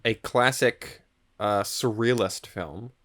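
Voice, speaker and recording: A man co-hosting a film history podcast, talking in a relaxed way full of "like" and "um". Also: lowish voice, slow. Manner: relaxed, hedging with "like" and "um". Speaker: podcast co-host. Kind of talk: casual film history chat.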